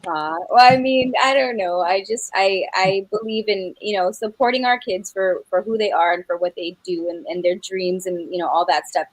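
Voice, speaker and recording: Here a middle-aged New Mexican singer, guesting in a casual interview chat, talks at a moderate pace with hardly any pauses in a medium-pitched voice. She rambles, restarts, leans on fillers, and laughs easily, all in a dry recording of poor quality.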